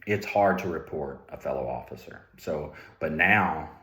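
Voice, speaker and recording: A man's voice: a bass voice, lively intonation, moderate pace, bright, forceful tone. A middle-aged man who was once a trooper tells candid stories about police ethics. He talks in a conversational way, often repeating and restarting words. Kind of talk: candid storytelling. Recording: roomy echo.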